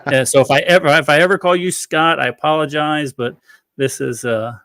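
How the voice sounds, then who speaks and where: A man's voice: fairly high pitch, fairly even intonation, brisk, a bit bright, no echo, clean studio sound. A man in his forties from Florida hosting a podcast in casual chat, easygoing and rambling, often laughing. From Florida, USA. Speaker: podcast host.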